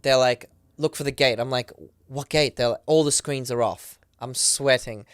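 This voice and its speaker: Guy guest on a podcast, smooth clear voice, dry close sound, rattling off a story with lots of "like". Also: medium pitch, no echo. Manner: excited, rapid retelling full of "like" and acted quotes. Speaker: podcast guest, professional dancer. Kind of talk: casual storytelling.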